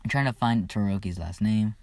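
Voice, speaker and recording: A man's voice: lowish voice, brisk, no echo. A man casually retelling a fan story, rambling and profane, with loose fillers.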